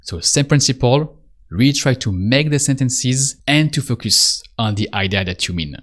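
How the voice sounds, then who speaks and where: A man giving a spoken language lesson, patiently repeating prompts and pausing for the listener to answer. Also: medium pitch, animated, fairly bright tone. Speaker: French teacher.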